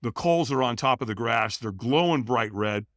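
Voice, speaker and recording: A middle-aged man from California, telling a personal story as a podcast guest with animated, dramatic delivery. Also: normal speed, no room sound, clean studio sound. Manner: animated, acts out other people's lines with bursts of pitch and volume. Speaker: podcast guest, company founder.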